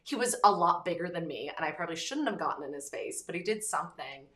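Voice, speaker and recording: A woman's voice: fairly low pitch, lively intonation, fast, fairly bright tone. Blunt, storytelling woman in an echoey room. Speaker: podcast host. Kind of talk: casual chat. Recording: roomy echo.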